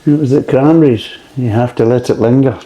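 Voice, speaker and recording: A man's voice: mid-range voice, a little fast, warm tone, highs cut off. A middle-aged man with a Scottish accent reviewing beer in a blunt, grumbling way and swearing often.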